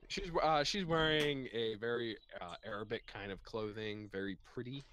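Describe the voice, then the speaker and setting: A man narrates a tabletop game as game master, pausing often with fillers and laughing as he goes. His voice sits a little low but sounds bright and forceful. Faint background noise runs under the recording. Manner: hesitant, laughs while narrating, many fillers.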